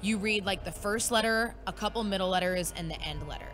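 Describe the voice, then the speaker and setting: A woman's voice: mid-range voice, fairly quick, fairly bright tone, faint music behind. A woman co-hosting a podcast in casual chat, hesitant and full of filler words. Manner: hesitant, lots of "like" and "um". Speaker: podcast co-host.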